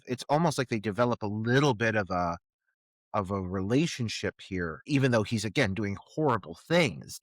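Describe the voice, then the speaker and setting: A man's voice: fairly low pitch, a bit bright, no echo, clean studio sound. A man co-hosting a film podcast, giving thoughtful, analytical commentary in casual chat with frequent filler words. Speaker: podcast co-host.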